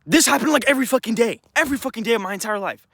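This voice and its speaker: A man's voice: very high voice, expressive, very fast, creaky, bright, forceful tone, dry recording, studio quality. A young man telling a personal story in an agitated, rambling way, full of restarts and swearing. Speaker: vlogger.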